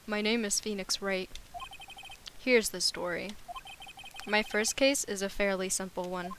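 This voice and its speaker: A woman's voice: mid-range voice, fairly even intonation, unhurried, fairly bright tone, slight background noise. A woman streamer playing a courtroom game, reading its dialogue aloud with a nervous, stammering delivery. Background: game music.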